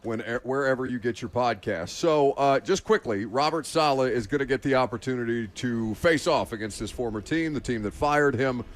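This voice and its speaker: A man's voice: medium pitch, moderate pace, hardly any pauses. A man hosting a sports talk radio show, teasing his co-hosts in casual banter. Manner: teasing, mock-exasperated with co-hosts.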